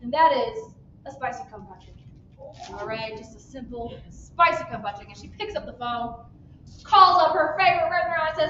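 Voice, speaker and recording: Bright, high woman telling a wild story. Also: fairly quick, recorded from a distance, slight background noise. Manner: loud, animated storytelling with bursts of shouting. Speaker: improv performer. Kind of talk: improvised comic storytelling. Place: theater stage. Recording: muffled, echoey stage recording from afar.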